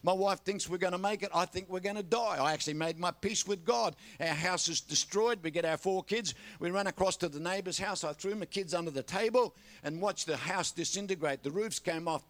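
An older man with an Australian accent preaches with animated storytelling, often turning to his congregation for a response. His voice sits high for a man. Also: fairly quick, hardly any pauses. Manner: animated storytelling with repeated audience call-outs. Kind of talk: sermon.

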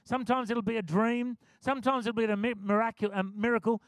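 A man preaching a sermon, telling a story with animated acted-out quotes. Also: extremely high pitch, a little fast, dry recording. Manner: animated, acts out quotes, chuckles often.

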